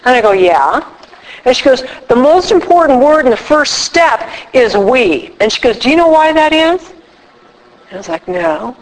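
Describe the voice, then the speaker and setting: A middle-aged woman leads a recovery workshop, talking to a room of attendees. She tells her story with animation and acts out each voice in her conversations. Her voice sits a little high and carries a long reverb from the hall. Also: normal speed. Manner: animated storyteller acting out dialogue. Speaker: workshop speaker.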